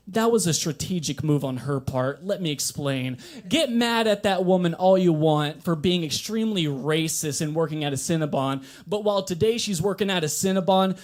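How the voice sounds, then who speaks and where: High-voiced man doing stand-up. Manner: deadpan delivery with sudden animated outbursts. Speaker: stand-up comedian. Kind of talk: stand-up comedy set. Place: coffee shop open mic.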